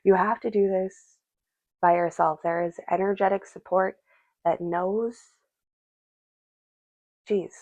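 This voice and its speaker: Woman tarot reader, unhurried, gravelly voice, musing aloud, dry close sound, dull lo-fi recording. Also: medium pitch, fairly even intonation, a little mellow, no room sound. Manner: muses aloud, addresses the spirits and viewers directly. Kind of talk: casual spoken tarot reading.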